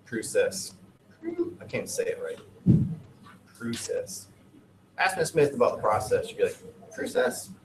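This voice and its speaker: A man's voice: mid-range voice, big pitch swings, quick pace, hardly any pauses, roomy sound, a little hiss or hum, low-quality recording. A man teaching a class in a casual, digressive, joking way. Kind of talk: classroom lesson.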